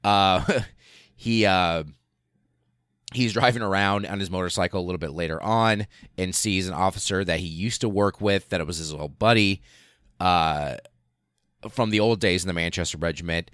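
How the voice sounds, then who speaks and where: A man with a very low voice tells a history story in a loose podcast style, swearing freely and tripping over his words. The recording is dry and close. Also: moderate pace, pauses often, clear, resonant tone, dry recording. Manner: excitable, profane, many fillers and restarts. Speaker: podcast host.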